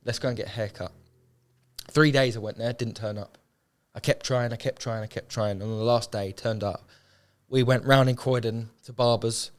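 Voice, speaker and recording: This is an emotional podcast interview with a young homeless charity founder sharing his story. He talks at normal speed in a mid-range voice with fairly even intonation, earnest and heartfelt in a colloquial way, and he often repeats phrases for emphasis.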